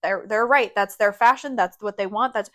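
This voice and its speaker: A woman's voice: mid-range voice, moderate pace, a bit bright. A woman co-hosting a podcast, speaking in a casual, emphatic and opinionated way. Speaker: podcast co-host. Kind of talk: casual chat.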